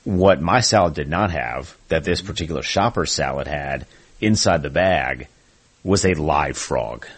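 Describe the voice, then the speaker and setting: A man's voice: a bass voice, a little slow, slightly rough. A man co-hosting a talk show, telling a story casually with wry asides. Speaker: co-host. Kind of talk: casual chat.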